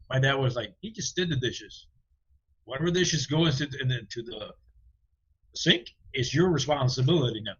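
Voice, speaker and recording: A man co-hosting a podcast, telling an animated story and acting out the dialogue in a casual way. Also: mid-range voice, moderate pace, husky, muffled recording. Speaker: podcast co-host. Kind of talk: casual chat.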